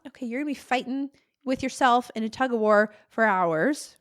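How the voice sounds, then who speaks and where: A woman's voice: on the high side, brisk. A young adult woman hosting a casual solo podcast as a therapist, talking conversationally and acting out frustrated inner voices. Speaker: podcast host and ADHD therapist.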